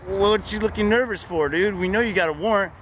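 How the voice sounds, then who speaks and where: A man's voice: high voice, a little fast, fairly bright tone, slight background noise, pitched above the performer's own voice, low-quality recording. Man doing a bullying cop: raised, clipped, profane threats. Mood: menacing. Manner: menacing, profane, barking orders. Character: aggressive male street cop, bullying.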